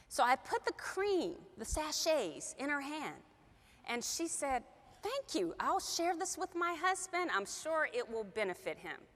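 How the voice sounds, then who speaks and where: Woman, high lively voice, bright tone, emotional storytelling, long hall reverb. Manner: animated storyteller, acts out quoted dialogue. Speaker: company sales trainer.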